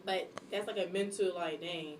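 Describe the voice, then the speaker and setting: A young woman chatting casually on a podcast about her jobs, blunt and animated, sometimes acting out how she scolds people. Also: lowish voice, moderate pace, echoey room, distant mic, slight background noise, rough recording. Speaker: guest, substitute teacher and airport worker.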